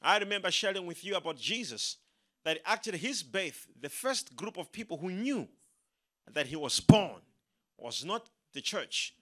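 A man preaching a sermon, emphatic and animated, leading the congregation in call-and-response. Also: high voice, normal speed. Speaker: pastor.

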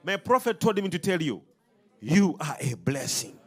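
A man's voice: on the high side, very animated, normal speed, a bit bright, husky. A man preaching a sermon, emphatic and rhythmic, throwing questions out to his congregation.

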